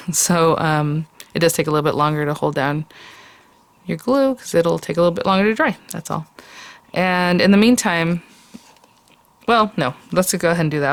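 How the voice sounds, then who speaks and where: Low, gravelly woman chatting through a craft demo. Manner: chatty, thinking aloud while working by hand. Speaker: craft tutorial host. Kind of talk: casual crafting tutorial.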